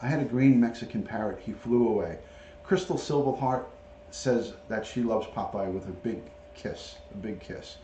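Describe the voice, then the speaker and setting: A middle-aged man with a mellow, relaxed voice talks casually on a livestream, greeting viewers by name as he chats. He sounds like he is at home in an echoey room, with a faint hum of room ambience behind him. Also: fairly low pitch, moderate pace. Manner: chatty, talks to viewers and reads out chat names. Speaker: retired police detective, livestream host. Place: at home, showing a pet parrot.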